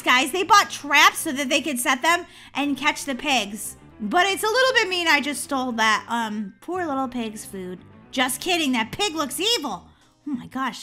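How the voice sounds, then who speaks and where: High, lively, very bright gaming host woman. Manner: squeals and shrieks when chased, giggly. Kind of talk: excitable let's-play commentary.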